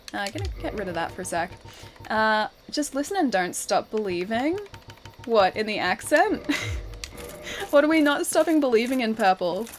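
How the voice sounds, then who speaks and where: Chatty Australian woman streaming a game. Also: a little high. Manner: chatty, laughs often, many fillers. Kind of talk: casual gameplay stream chat. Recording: game music behind the voice.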